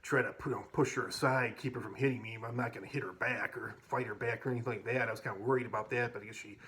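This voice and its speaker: A man's voice: medium pitch, steady tone, very fast, a bit bright. Rambling man telling school stories. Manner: rambling, with many restarts and casual swearing. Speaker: vlogger. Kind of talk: casual storytelling.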